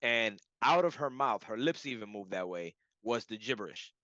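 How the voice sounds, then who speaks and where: Guy rambling through a story, lots of like and you know, tense bright tone, lo-fi sound. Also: lowish voice, moderate pace, dry recording. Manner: animated, heavy use of "like" and "you know". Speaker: client giving a testimonial. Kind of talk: casual storytelling. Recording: dull lo-fi audio.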